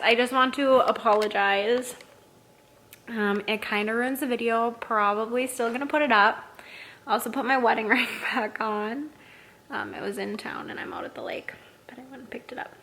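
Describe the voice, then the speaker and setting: A woman's voice: on the high side, moderate pace, pushed and bright, a little hiss or hum. A young pregnant woman chatting casually in a vlog, rambling and self-deprecating. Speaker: vlogger.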